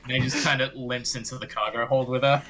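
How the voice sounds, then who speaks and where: A man's voice: mid-range voice, steady tone, fast talker, pushed and bright. A man playing a tabletop role-playing game, talking in a hesitant way full of fillers. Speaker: player.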